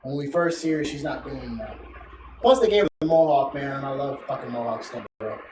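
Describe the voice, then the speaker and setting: A man hosting a casual podcast chat, talking excitedly and swearing freely, often acting out what others said. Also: mid-range voice, fairly quick. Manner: profane, excitable, quotes people in voices. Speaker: podcast host. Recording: echoey room, distant mic, noisy.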